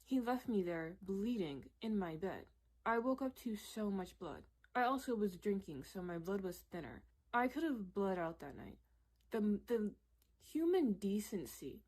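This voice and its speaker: A young woman vlogger telling a personal story in a candid, animated way, with lots of "like" and "literally". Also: medium pitch, moderate pace, husky. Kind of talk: casual storytelling.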